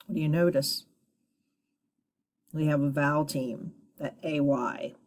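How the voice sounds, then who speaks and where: Slow, patient woman teaching phonics. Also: deep voice, a little mellow. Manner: patient, encouraging, sounds words out slowly. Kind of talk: phonics lesson for children.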